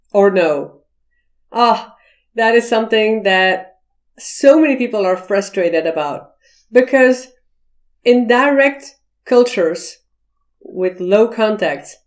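Slow, deliberate woman teaching to camera. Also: mid-range voice, a little mellow. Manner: slow, deliberate explaining, acting out quoted voices. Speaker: cross-cultural communication teacher. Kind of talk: explanatory video lesson to camera.

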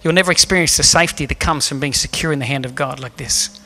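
A man's voice: a little high, fast talker, pushed and bright, soft background music. A man preaching a sermon as pastor in a church, earnest and emphatic, asking the room rhetorical questions. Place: church hall.

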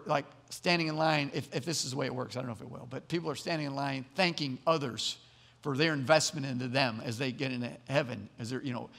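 A man's voice: medium pitch, gravelly, fairly bright tone, big-room sound. A man preaching a sermon as pastor, earnest, often repeating words as he builds to emphatic points. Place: church sanctuary.

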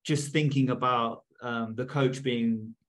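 A man's voice: mid-range voice, fairly even intonation, takes it slowly. Male interviewer, mid-range voice, asks reflective questions. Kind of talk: interview conversation.

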